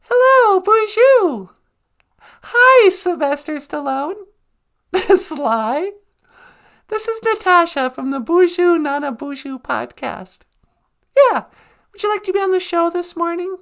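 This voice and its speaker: Casting: man playing a giggly young receptionist girl, high falsetto, very lively. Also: takes it slowly, vocal fry, long pauses, exaggerated voice. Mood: bubbly. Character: chirpy young female show receptionist.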